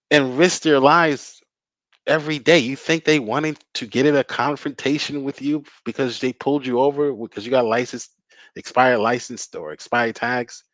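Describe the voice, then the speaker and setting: A man's voice: a little high, no room sound, poor audio. Dry-voiced older male commentator. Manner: sardonic, argumentative. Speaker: commentary show host. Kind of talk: casual opinionated commentary.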